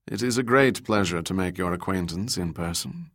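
Casting: male narrator as a courtly, low-voiced middle-aged gentleman, audiobook. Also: moderate pace. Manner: formal, courtly phrasing. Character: tall middle-aged gallant gentleman, baroque speech.

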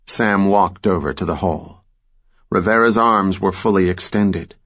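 A man narrating a thriller audiobook in a measured, steady way. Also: deep voice, lo-fi sound.

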